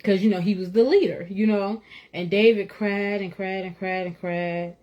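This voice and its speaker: A woman speaking about her faith in a relaxed, conversational way. Her pitch sits in a plain middle range, and her talk comes across earnest and personal, full of little asides to the listener. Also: moderate pace, muffled recording. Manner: conversational, earnest, lots of "you know", laughs now and then. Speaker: speaker sharing faith testimony.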